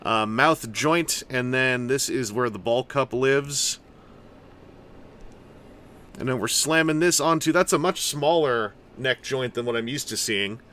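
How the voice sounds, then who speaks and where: A man's voice: medium pitch, measured pace, pushed and bright, slight background noise. A man giving casual, rambling commentary while building and unboxing a collectible toy, with jokey asides. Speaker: toy reviewer.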